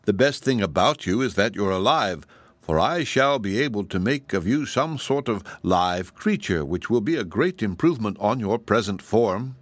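A man's voice: fairly low pitch, lively intonation, normal speed, dry recording. A man voicing a huge, falsely sweet giantess witch who talks in a mocking, self-assured way for a storybook reading. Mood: scornful.

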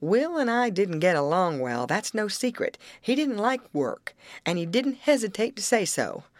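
A woman reading an audiobook, voicing a grim, defensive older uncle who justifies himself gruffly. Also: medium pitch, very animated, normal speed, dry recording, voice pushed up, lightly acted.

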